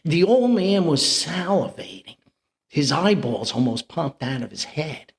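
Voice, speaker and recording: A man's voice: on the high side, sing-song, measured pace, creaky. An older man, telling a rambling, chuckling family anecdote as a podcast host. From New Jersey. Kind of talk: anecdotal storytelling.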